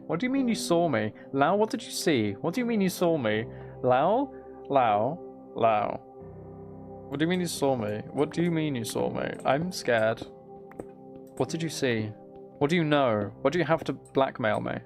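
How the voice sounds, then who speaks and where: A man's voice: mid-range voice, expressive, normal speed, over music. Playful man rambling to his stream chat. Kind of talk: casual live-stream chat while gaming.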